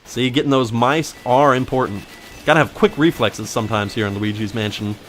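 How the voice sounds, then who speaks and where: A man's voice: medium pitch, a little fast, a bit bright, a little hiss or hum. A man giving casual, joking gameplay commentary who rambles into silly made-up backstories. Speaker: let's play commentator.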